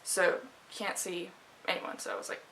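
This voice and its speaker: A woman's voice: lowish voice, little pitch movement, normal speed, vocal fry, pushed and bright, slight background noise, rough recording. A young woman vlogger telling a personal story in a casual, chatty way, full of fillers and restarts.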